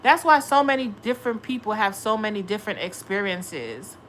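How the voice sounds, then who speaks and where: Brightly toned casual tarot streamer woman. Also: mid-range voice, animated, moderate pace, slight background noise. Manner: blunt, profane, talks back to chat. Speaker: tarot livestream host. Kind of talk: casual livestream chat.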